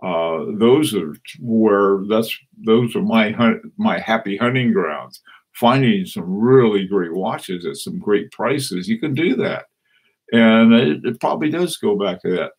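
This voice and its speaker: A man hosting a casual live stream, chatting and reading out viewer comments in a rambling, halting way with many restarts. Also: lowish voice, animated, a little mellow, slightly rough. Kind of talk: casual live-stream chat about watches.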